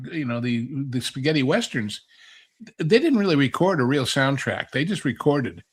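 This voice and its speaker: A man speaks as a guest on a casual panel, working his points out through stories in an easy, conversational way. His voice sits a little high. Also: fairly bright tone. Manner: conversational, explains with anecdotes.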